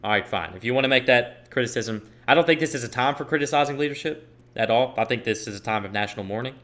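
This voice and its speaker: A man's voice: mid-range voice, quick pace, fairly bright tone. A man hosting a solo podcast, giving opinionated commentary and repeating his points for emphasis. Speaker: podcast host.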